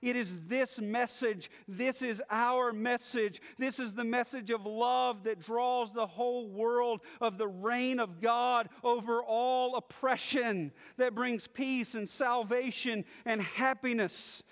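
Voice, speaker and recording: High-voiced man preaching in a reverberant hall. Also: steady tone, slow, hardly any pauses. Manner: builds from quiet musing to declaring. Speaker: pastor. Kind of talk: sermon.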